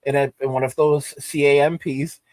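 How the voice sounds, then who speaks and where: A man's voice: mid-range voice, little pitch movement, normal speed, a little mellow, dry recording. A man hosting his channel, delivering emphatic ranting commentary and repeating phrases for weight. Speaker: channel host.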